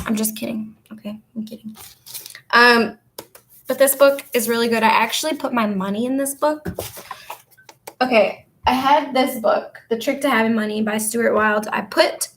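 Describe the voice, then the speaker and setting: Woman vlogger, slightly high voice, loose casual chat, answers viewers while tidying up. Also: gravelly, fairly bright tone, slight background noise. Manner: chatty, rambling, answers viewer comments. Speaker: vlogger and spiritual coach.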